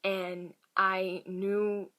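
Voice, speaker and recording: A woman vlogger telling a personal story to camera in a halting, hushed way, often dropping to a whisper. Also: medium pitch, flat delivery. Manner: many fillers and restarts.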